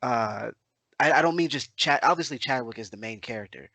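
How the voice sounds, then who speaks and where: A man's voice: mid-range voice, animated, brisk, bright, forceful tone, no echo. A man co-hosting a casual podcast, hesitant and apologetic, with many fillers. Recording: dry close sound.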